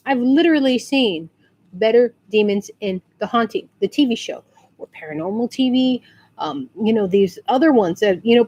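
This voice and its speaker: A woman from San Antonio, Texas, chatting casually in a rambling way and acting out quotes in high squeals. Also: darkish tone. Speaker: vlogger. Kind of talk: casual storytelling rant.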